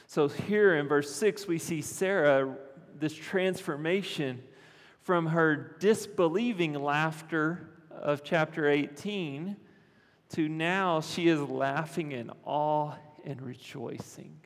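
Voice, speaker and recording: A man preaches a sermon in a slow, unhurried delivery, his voice gravelly with fry. He is earnest, often repeats phrases and checks in with the congregation. A long reverb from a large hall trails his words. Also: on the high side. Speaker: pastor.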